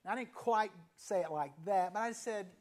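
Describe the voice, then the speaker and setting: A pastor in his fifties delivers a sermon in an easy, conversational voice. He tells a story, then pauses and lets the ends of key phrases fall to a soft near-whisper. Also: sits high. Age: 50s.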